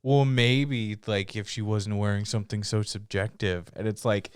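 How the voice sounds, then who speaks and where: Man, laid-back podcast co-host, smooth clear voice, short replies. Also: lowish voice, fairly even intonation, moderate pace, dry recording, studio quality. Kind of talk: casual chat.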